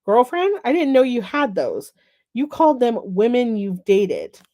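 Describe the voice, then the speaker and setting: A woman's voice: fairly high pitch, big pitch swings, measured pace, dark tone, voice pushed up. A woman reading the lines of a wry, self-conscious young woman who is wary of dating.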